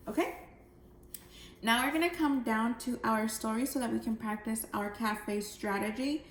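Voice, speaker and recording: A woman second grade teacher giving a recorded phonics lesson, explaining step by step in a clear way to young children. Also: a little high, moderate pace. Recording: echoey room, faint background noise.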